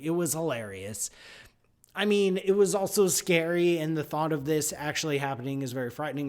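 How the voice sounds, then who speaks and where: Guy hosting a live science radio show, kinda high voice, jokey and playful. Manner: playful, animated, jokey asides. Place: radio studio.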